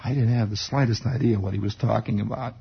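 A man telling a childhood story in a wry, animated way, often chuckling. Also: lowish voice, fast, vocal fry, husky. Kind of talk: spoken storytelling monologue. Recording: dull lo-fi recording.

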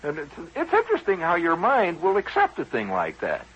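A man's voice: fairly high pitch, huge pitch swings, fairly quick, lo-fi sound, slight background noise. A man hosting a radio show, telling a rambling personal story in a conversational, wry way with frequent asides to his listeners.

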